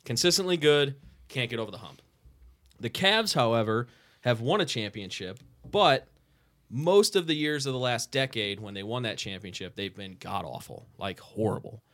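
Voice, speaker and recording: A man's voice: medium pitch, animated, moderate pace, fairly bright tone. A man co-hosting a casual podcast chat, laying out a sports debate in a talkative, explaining way. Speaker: podcast co-host.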